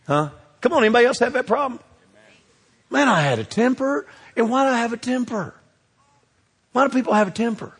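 Middle-aged man, pastor preaching, fairly high voice, rises loud then drops to a hush, long hall reverb. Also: slightly rough. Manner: swings between loud exhortation and hushed asides. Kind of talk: sermon.

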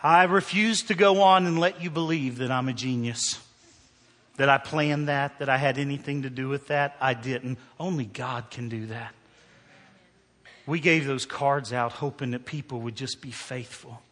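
A man preaching in a church, his voice bright and ringing. The sound carries a long reverb from the hall. He tells his story in a storyteller's way, dropping to a hush and then building to emphatic peaks. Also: mid-range voice, normal speed, a faint crowd. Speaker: pastor. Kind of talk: sermon.

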